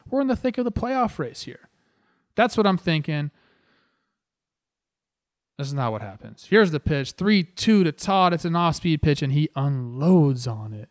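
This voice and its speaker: A man in his thirties hosting his own show, telling a story about his playing days over game footage in an animated, self-deprecating, chatty way. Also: medium pitch, dry recording, clean studio sound. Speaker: host, former pro baseball player.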